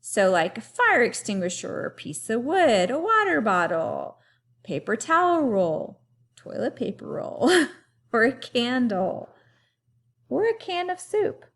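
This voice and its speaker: A woman teacher giving a remote lesson to young children, talking clearly and having them repeat words after her. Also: on the high side, big pitch swings, fairly bright tone. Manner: slow, clearly paced teacher talk with call-and-repeat.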